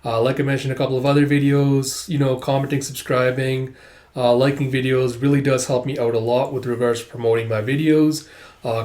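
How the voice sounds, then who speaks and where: A man's voice: medium pitch, a little mellow. A man hosting a casual channel, reading a manga and chatting loosely with many filler words. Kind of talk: casual reaction commentary.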